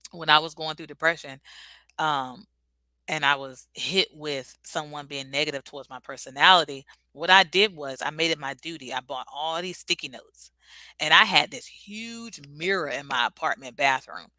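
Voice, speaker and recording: A woman's voice: low-pitched, sharp tone, no room sound, poor audio. A talkative woman hosting a casual motivational livestream, answering viewer comments and laughing easily. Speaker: livestream host.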